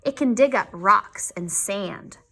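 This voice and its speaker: Woman reading a kind little toy lamb, friendly and reassuring, bright lively voice. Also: mid-range voice, takes it slowly.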